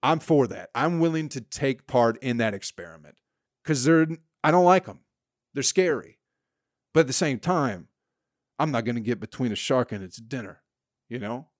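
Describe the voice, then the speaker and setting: Crude rambling comedian, drawl. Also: male voice, mid-range voice, normal speed, no room sound, studio quality. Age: 40s. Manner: crude, profane and rambling, with deadpan sarcasm. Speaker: comedy podcast host. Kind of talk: solo podcast rant.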